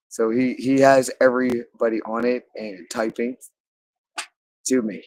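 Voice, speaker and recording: A man speaking in a rambling, halting monologue, repeating phrases again and again. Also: mid-range voice, fairly even intonation, poor audio. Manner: halting, with frequent restarts.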